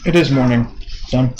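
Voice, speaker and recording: A man voicing a male commander who questions his men in a measured, authoritative way. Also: mid-range voice, a little hiss or hum, rough recording. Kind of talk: voicing a character in a tabletop game.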